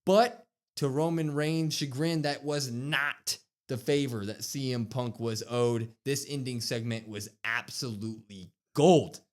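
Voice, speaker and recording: A man's voice: mid-range voice, a little slow. A man co-hosting a wrestling podcast, recapping an episode in casual chat and acting out the quotes with a raised voice. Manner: animated, acts out quotes with raised voice. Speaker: podcast co-host.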